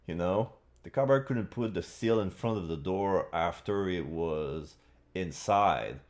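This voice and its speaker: A man's voice: sits low, unhurried, darkish tone. A man streaming a game live, talking casually in a rambling way with many restarts. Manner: rambling, full of fillers and restarts.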